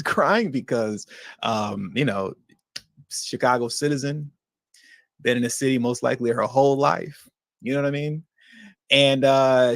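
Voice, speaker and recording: A man's voice: mid-range voice, vocal fry, dry recording. Guy doing a political commentary livestream, fired up, slangy, dry close mic. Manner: animated, indignant, slips into slang. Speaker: livestream host.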